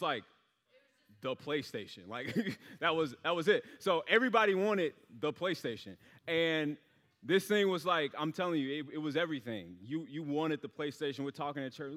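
A long hall reverb follows every phrase as a young man, his voice a bit bright and slightly high for a man, tells a story in his sermon. He keeps it casual and meandering, with lots of fillers.

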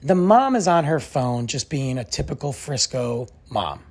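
A man hosting a podcast who tells a story in a casual, animated, exasperated way and says "like" often. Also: mid-range voice, unhurried. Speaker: podcast host.

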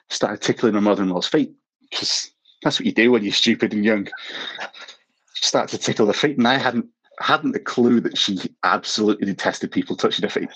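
A man's voice: lowish voice, a bit bright, husky, low-quality recording. A man born in South Africa, a podcast guest telling long, self-mocking stories in casual interview talk, often chuckling at himself. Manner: rambling storyteller, self-mocking, chuckles at his own stories. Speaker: podcast guest, former missionary.

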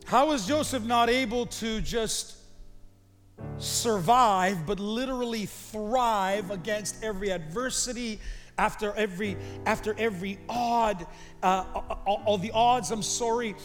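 A pastor preaching a sermon, animated and calling the congregation to repeat after him. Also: male voice, high voice, measured pace. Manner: animated preaching, calls the crowd to repeat lines. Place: church sanctuary. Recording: reverberant hall with faint music.

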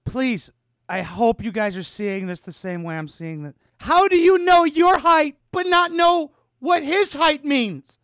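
Loud mocking man in his twenties. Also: very high voice, a little slow, no echo, studio quality. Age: 20s. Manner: loud, mocking, excitable, swears often. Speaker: podcast host reacting to a video. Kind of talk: casual reaction commentary.

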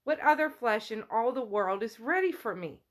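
A woman voicing a menacing, possessive male spirit who craves a body, speaking fast and taunting while she retells a novel. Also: on the high side, expressive, lightly acted.

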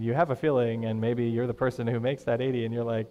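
A man preaching a sermon as pastor, conversational and animated, acting out the voices he quotes. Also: mid-range voice, fast, big-room sound, dull audio.

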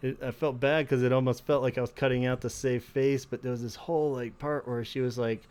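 A man's voice: mid-range voice, fairly even intonation, fairly quick, darkish tone, smooth. A man hosting a podcast in casual chat, laid-back, often laughing and saying "like". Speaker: podcast host.

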